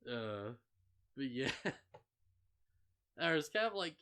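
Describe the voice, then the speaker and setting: A man's voice: medium pitch, big pitch swings, takes it slowly, sharp tone. A young man co-hosting a casual podcast, rambling with lots of fillers and laughing often as he recaps an anime. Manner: rambling, laughs often, many "like" fillers, mock voices for characters. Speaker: podcast co-host.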